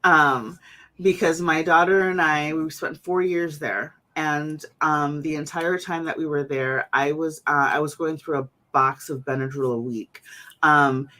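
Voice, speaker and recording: A woman's voice: sits low, steady tone, measured pace, sharp tone. A woman hosting a casual conversation, chatty, with many fillers and restarts. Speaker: host.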